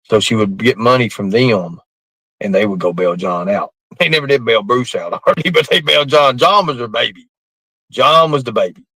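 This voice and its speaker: A man's voice: medium pitch, animated, moderate pace, sharp tone, no echo, poor audio. A man telling a rambling story casually, laughing often and cursing freely. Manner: rambling, laughing through the tale, coarse language.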